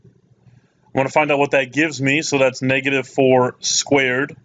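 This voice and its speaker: Male math teacher for a video lesson: relaxed, plain-spoken, slightly dull lo-fi sound. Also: medium pitch, measured pace. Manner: casual, checks in with "okay?". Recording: slightly muffled lo-fi recording.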